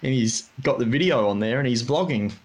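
A man's voice: medium pitch, a little fast. A man hosting a casual podcast interview, chatty and rambling with plenty of fillers. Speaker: podcast host.

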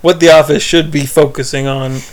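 Male podcast co-host, casual recap chat, rambling, slightly higher pitch, acts out quotes. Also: steady tone, moderate pace.

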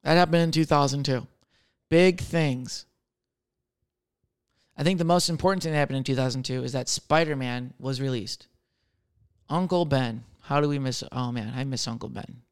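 Man in his thirties, comedian podcast host, smooth clear voice, profane, rambling, loud then mumbling. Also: mid-range voice, normal speed, long pauses. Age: 30s. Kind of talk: casual rambling monologue.

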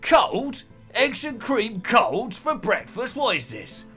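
A man voicing a grumpy tavern cook who shouts in disbelief from the kitchen. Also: mid-range voice, big pitch swings, normal speed, husky, soft background music, voice pushed up, exaggerated voice. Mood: incredulous shouting. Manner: shouting, incredulous.

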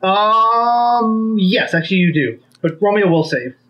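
Guy running the tabletop game, kinda high voice, muffled lo-fi chat audio, just calls the saves. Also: expressive, a little slow. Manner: matter-of-fact rulings, calls for saves. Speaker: game master.

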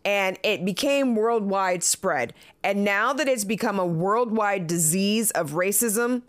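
A woman in her late thirties giving casual commentary as a vlogger, blunt and profane, often breaking into laughter between remarks. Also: mid-range voice. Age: late 30s.

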